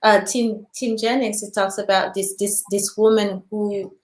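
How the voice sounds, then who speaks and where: A woman's voice: medium pitch, steady tone, darkish tone. Woman host in an echoey room. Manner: supportive listener, many small affirmations, halting when telling stories. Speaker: podcast host. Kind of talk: casual conversational chat.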